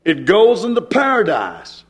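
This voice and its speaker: A man preaching a fervent sermon, hollering and getting excited, mimicking hecklers and answering them. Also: high-pitched, a little slow.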